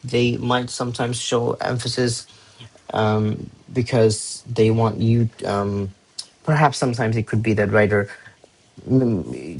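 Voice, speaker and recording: A man's voice: lowish voice, a little mellow, husky. A young man explaining English exam techniques in a chatty, informal way, often correcting himself and using slang. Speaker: English tutor. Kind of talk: casual teaching explanation.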